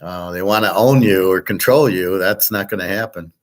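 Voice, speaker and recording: A man's voice: low-pitched, moderate pace. A middle-aged man talking in a blunt, profane, rambling way, full of fillers, as host of a casual monologue.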